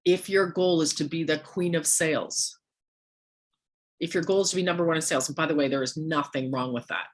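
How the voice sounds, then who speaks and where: A woman with a hoarse, worn-out voice giving a motivational coaching talk to a sales team, firing off rhetorical questions at her listeners. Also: deep voice, fairly even intonation, a little fast.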